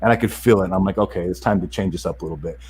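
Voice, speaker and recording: A middle-aged man telling a family story in a casual interview, animated and acting out the other voices in it. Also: deep voice, racing, slight background noise, low-quality recording. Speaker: podcast guest.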